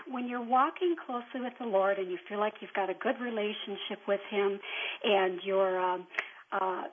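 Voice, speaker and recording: A woman's voice: mid-range voice, normal speed. A woman calling in to a radio show, asking a question in a hesitant, searching way. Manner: hesitant, searching, many fillers. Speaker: caller. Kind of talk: call-in question. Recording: tinny phone line with faint noise.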